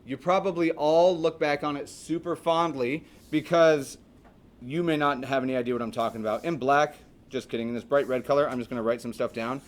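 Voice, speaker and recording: A man's voice: mid-range voice, fairly quick. A man teaching a math class in a classroom, chatty and joking, asking his students questions as he lectures.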